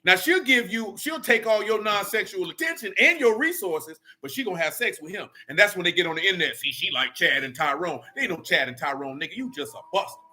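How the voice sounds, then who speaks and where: A man's voice: high voice, animated, fast, few pauses, bright, forceful tone. A man leading a casual Bible study, blunt and slangy as he preaches and rants.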